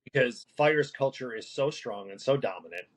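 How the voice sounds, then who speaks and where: A man who works as a paramedic, talking through a casual podcast conversation in a halting way, with many restarts and fillers. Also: mid-range voice, lively intonation, rough recording. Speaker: paramedic guest.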